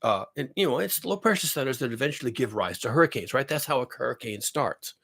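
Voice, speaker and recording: A man's voice: mid-range voice, lively intonation, fast, vocal fry, a bit bright. A man talking casually and exasperatedly, rambling with many restarts as he explains weather to his audience. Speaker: climate commentary vlogger. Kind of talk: casual talk.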